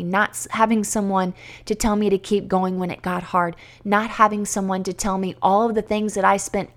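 A woman in her thirties hosting a solo podcast, earnest and encouraging, rolling through long run-on lists with the occasional restart. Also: mid-range voice. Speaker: podcast host and homeschool coach. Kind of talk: energetic solo podcast talk with a promo.

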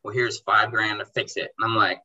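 A young man who runs a car detailing business, telling animated stories in casual chat and acting out dialogue in quotes. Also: fairly low pitch, brisk, muffled recording. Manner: animated, acts out dialogue in quotes, says bro and dude. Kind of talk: casual storytelling in a podcast chat.

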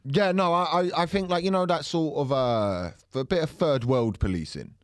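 A man co-hosting a podcast in a studio, ranting with plenty of swearing. His pitch jumps up and down a lot, and the close mic sounds dry and near. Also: normal speed, dry recording. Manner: ranting, swearing, animated storytelling. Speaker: podcast co-host. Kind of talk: casual podcast chat.

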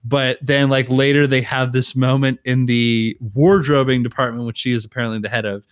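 A man co-hosting a casual chat, laughing often and retelling movie scenes with quick voices for the characters. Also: mid-range voice, fairly even intonation, clear, resonant tone, dry recording, studio quality. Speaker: podcast co-host.

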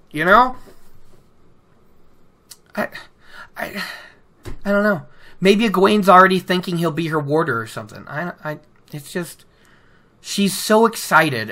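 A woman's voice: on the low side, pushed and bright. A woman casually retelling and picking apart a book chapter, chatty, with many stammered restarts. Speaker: book discussion host.

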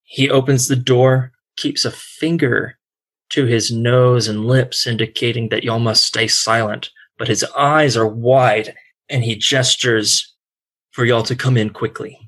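Game master guy describing the scene, steady mid voice, unhurried. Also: medium pitch. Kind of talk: narrating a tabletop game.

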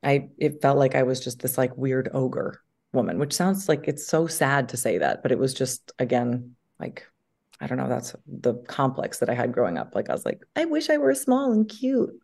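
A woman with a deep, low voice talks casually as an interview guest. She tells lively stories and acts out quotes in sudden bursts. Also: normal speed, vocal fry, slightly rough.

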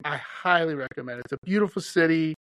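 A man from Wisconsin who hosts a podcast, chatty and animated, telling stories and laughing often. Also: on the high side, fast, no room sound. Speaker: podcast host. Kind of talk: casual podcast chat.

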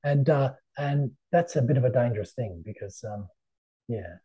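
A man's voice: medium pitch, normal speed, mellow, breathy edge. A middle-aged man, a tarot reader guesting on an interview, talking in a chatty, anecdotal way with many fillers. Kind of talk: casual interview conversation.

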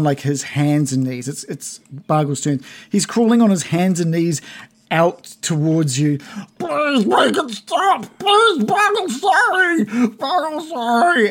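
A man's voice: fairly high pitch, darkish tone. A man running a tabletop game as game master, narrating in a rambling, giggly way with many fillers.

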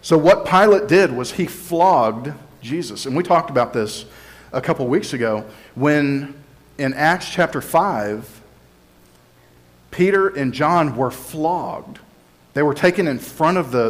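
A male pastor giving a conversational, explanatory sermon and teaching from scripture, sometimes voicing the crowd and Pilate in quotes. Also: medium pitch.

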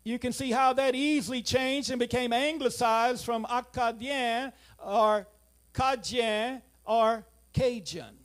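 High-voiced preacher with lively swings. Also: male voice, slow pace, faint music behind. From South Louisiana. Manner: animated, swings from loud emphasis to quiet asides. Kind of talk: sermon.

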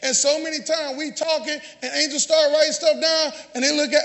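A man preaching a sermon as pastor, calling out to the congregation and often shouting. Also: very high voice, fairly even intonation, brisk, hardly any pauses. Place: church sanctuary. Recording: long church hall reverb.

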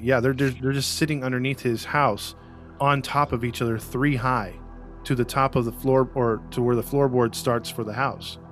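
A chatty man hosting a relaxed true-crime podcast, his voice sitting at a middle pitch. He talks in loose, easygoing runs and now and then slips into put-on voices for quotes. Faint music plays under the conversation. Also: normal speed. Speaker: podcast host.

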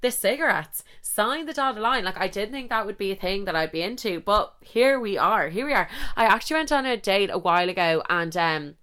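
A young woman in her twenties, a podcast host telling a story in casual chat, animated and swearing freely. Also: mid-range voice, a little fast, few pauses, clean tone.

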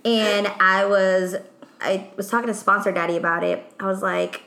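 A young woman co-hosting a podcast, telling stories in a chatty, animated way with lots of "like". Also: mid-range voice, moderate pace, creaky. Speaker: podcast co-host. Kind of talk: casual chat. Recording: echoey room.

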